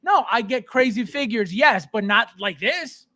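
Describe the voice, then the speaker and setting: A man hosting a casual podcast, ranting in a mocking, animated way. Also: very high-pitched, a little slow. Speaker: podcast host.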